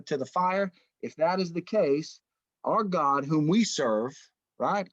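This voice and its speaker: Middle-aged man, casual Bible study leader, folksy, slightly high voice, dry close sound. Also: no room sound, lo-fi sound. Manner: folksy, keeps saying "man" and "right?".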